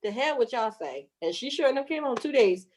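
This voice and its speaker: A woman in her thirties, with a fairly high voice and a slightly quick pace, tells a birth story full of laughter and swearing. She's lively, cusses freely, and acts out every voice, turning the tale into animated storytelling with performed quotes.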